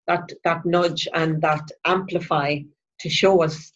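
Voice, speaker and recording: A woman's voice: low-pitched, fairly even intonation, slow, a bit bright. A woman, a spiritual mentor, talking through a weekly card reading in a chatty, rambling way with many restarts. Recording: dull lo-fi sound.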